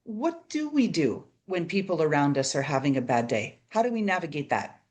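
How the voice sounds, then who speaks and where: A woman's voice: sits low, big pitch swings, normal speed, darkish tone. A woman hosting a business podcast, chatty and often checking in with her guest. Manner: chatty, tags statements with "right?". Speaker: podcast host. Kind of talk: conversational interview.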